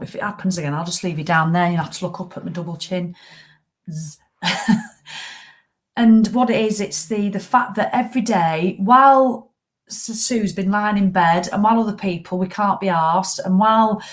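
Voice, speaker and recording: Blunt, chatty middle-aged British woman. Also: mid-range voice. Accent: British English. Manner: blunt, chatty and motivational, with casual swearing. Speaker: fitness coach hosting a live walking group. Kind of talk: casual live-stream chat.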